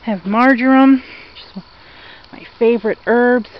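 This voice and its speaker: Slow, chatty woman touring her garden. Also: fairly high pitch, highs cut off. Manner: chatty, gushing over plants, talks to viewers. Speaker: vlogger giving a garden tour. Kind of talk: casual meandering garden walk-through. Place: outdoor garden.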